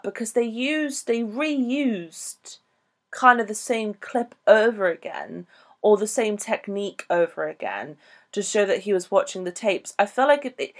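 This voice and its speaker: A woman co-hosting a podcast, talking casually about a film in a rambling, animated way. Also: mid-range voice. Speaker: podcast co-host.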